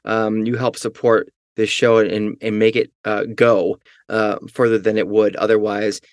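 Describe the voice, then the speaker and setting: A man's voice: lowish voice, little pitch movement, unhurried, no echo. A man co-hosting a podcast in casual chat, joking and poking fun at himself, with many ums and uhs. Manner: jokey and self-mocking, with many fillers. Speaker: podcast co-host.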